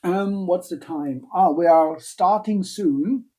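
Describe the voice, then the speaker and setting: A man lectures on biochemistry over a live stream, in an unhurried, dark and mellow voice. He pauses often and fills the gaps with ums and uhs. Every so often he breaks off to answer questions from the chat with a playful aside. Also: sits high. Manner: hesitant, many fillers, playful asides.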